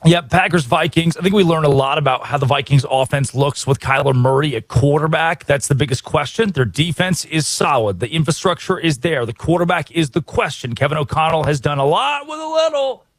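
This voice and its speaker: An American man hosting a sports talk show, energetic and opinionated, full of rhetorical questions. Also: on the high side, a little fast, hardly any pauses, no room sound. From United States. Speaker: radio sports host.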